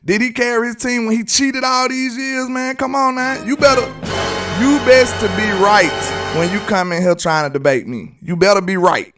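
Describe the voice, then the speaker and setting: A man with an extremely high voice and a moderate pace hosts live sports commentary over music, recorded from afar. He's from Alabama with a Southern US accent and argues emphatically, restating his points again and again.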